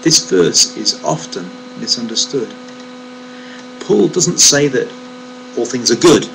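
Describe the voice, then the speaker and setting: Male Bible teacher, animated emphatic delivery with rhetorical questions, recorded with a steady hum behind. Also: medium pitch, slow pace, vocal fry, low-quality recording. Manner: emphatic, rhetorical questions, stresses key words. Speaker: Bible teacher giving a short devotional. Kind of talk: reflective devotional talk. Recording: steady mains hum under the voice.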